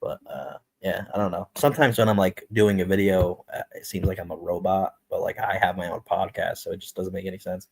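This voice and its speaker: A man's voice: low voice, flat delivery, brisk, creaky, hardly any pauses, darkish tone, husky, no echo. A man who is a guest comic writer, chatting casually and hesitantly with many fillers. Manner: hesitant, many ums and likes. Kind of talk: casual chat.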